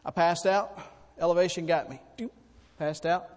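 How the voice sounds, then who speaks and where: A man preaching a sermon, folksy and animated, telling personal stories. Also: on the high side, normal speed. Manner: folksy, animated storytelling with sudden loud bursts. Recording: long hall reverb.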